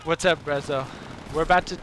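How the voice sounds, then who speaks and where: Animated male game streamer, bright voice. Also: a little high, fairly quick, slight background noise. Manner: animated, acts out sound effects and voices in a tall tale. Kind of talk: live-stream storytelling and chat.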